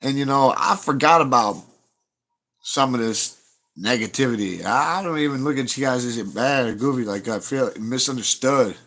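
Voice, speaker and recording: A man's voice: mid-range voice, normal speed, fairly bright tone. A man, chatting casually to viewers on his livestream, blunt and profane as he rambles through stories. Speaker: livestream host.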